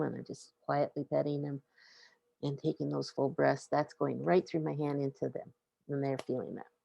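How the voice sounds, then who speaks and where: A woman's voice: sits low, gravelly, darkish tone, slightly rough, dry recording, highs cut off. A middle-aged woman hosting a webinar on pets and emotions, talking casually and often laughing as she acts out what owners and pets might say. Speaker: webinar host on pet emotions. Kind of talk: informal webinar talk.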